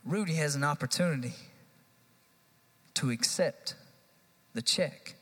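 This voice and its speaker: An animated youth pastor preaching to his congregation, his fairly high voice climbing as he stacks up repeated phrases. The sound rings with a long reverb that carries across the church hall. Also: unhurried. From United States. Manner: animated, rising to emphatic repeated lines. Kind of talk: live sermon. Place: church sanctuary.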